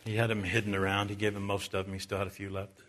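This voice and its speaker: Male Baptist preacher, bright forceful tone, preaching in a church. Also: flat delivery, quick pace. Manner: rises to loud, high-pitched preaching, then drops to quiet storytelling. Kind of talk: sermon.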